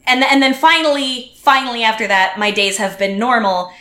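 Woman guest, bright and fairly high voice, animated storyteller, roomy echo. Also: moderate pace. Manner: animated, acts out quotes, many restarts. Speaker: podcast guest. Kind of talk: casual storytelling chat.

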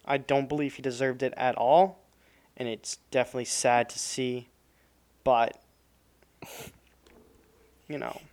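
A man's voice: mid-range voice, fairly even intonation, a little slow, pauses often, a little mellow. A young man co-hosting a podcast, chatting casually and rambling with lots of hedges and fillers. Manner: rambling, hedging, with many fillers. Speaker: podcast co-host. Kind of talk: casual chat.

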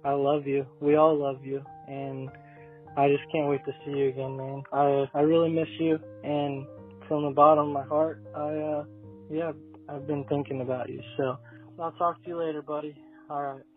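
A man's voice: fairly high pitch, level tone, normal speed. A man leaving a heartfelt, casual recorded phone message, telling a story and chuckling now and then. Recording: tinny phone line with faint music.

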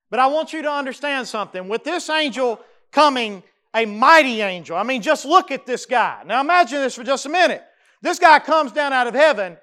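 A male pastor, delivering a sermon in a high and notably smooth, resonant voice. He is emphatic, hammers home repeated phrases and slips in folksy asides. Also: expressive, a little fast, fairly bright tone.

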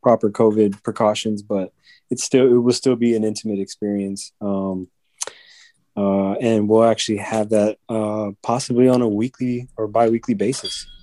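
A man who organizes events, talking as a podcast guest in casual chat, halting and restarting often. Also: fairly low pitch, little pitch movement, mellow, dry recording.

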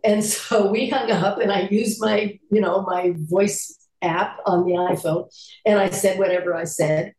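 An older woman speaks slowly and unhurriedly, sharing stories from her acting career and laughing easily between them. Her voice carries a noticeable room echo. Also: mid-range voice, fairly even intonation, a little mellow. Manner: unhurried, laughs often while telling stories. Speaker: actress and voice actor guest. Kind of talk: casual interview storytelling.

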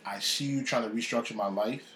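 A man's voice: mid-range voice, fairly quick, fairly bright tone, slight background noise. A man casually telling a personal faith story. He talks with animation and acts out the voices of people he quotes. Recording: echoey room.

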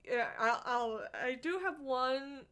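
A young woman co-hosting a casual chat, excitable and gushing, often acting out lines. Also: high-pitched, slow, clean tone.

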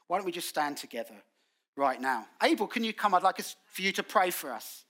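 A man preaches in a church, his voice sitting a little high and ringing bright. He tells stories with energy, acting out quotes in colloquial British phrasing. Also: brisk. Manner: animated storytelling with acted quotes. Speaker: guest preacher. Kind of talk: sermon.

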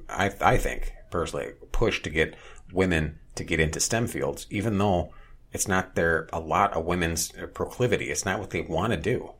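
A man's voice: deep voice, fairly bright tone, slightly rough. A man chatting casually on a podcast, blunt and opinionated, swearing freely.

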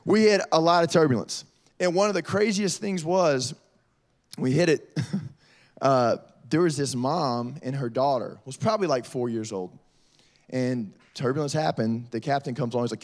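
A man's voice: mid-range voice, moderate pace. A man preaching to middle schoolers as a youth pastor, telling stories. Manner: lively storytelling, addresses audience as y'all. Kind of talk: youth sermon.

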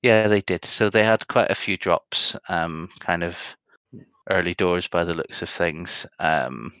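A man's voice: deep voice, a little slow, fairly bright tone, clear, resonant tone, no room sound. A man co-hosting a podcast, chatting casually and rambling through results with many ums. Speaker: podcast co-host. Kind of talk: casual chat.

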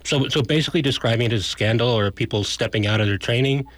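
A man's voice: medium pitch, quick pace, no echo. A man, an activist guest on a radio show, gives a blunt and argumentative political analysis in casual speech.

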